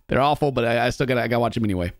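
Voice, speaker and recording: A man's voice: medium pitch, very fast, music in the background. A man hosting a video reaction show, chatting casually, laughing often and using loose slang. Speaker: YouTube host reacting to videos.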